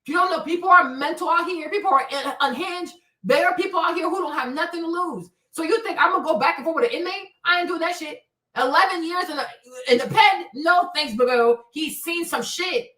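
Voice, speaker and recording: A woman hosting a casual livestream, telling stories in an animated, slangy way and acting out the exclamations. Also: extremely high pitch, a little fast, roomy sound, far from the mic. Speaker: livestream host. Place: home, in D.C.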